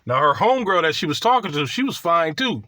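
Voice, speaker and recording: A man's voice: on the high side, fairly quick, dry recording. A man casually telling a crude, boastful personal story, swearing freely as he goes. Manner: profane, boastful and animated.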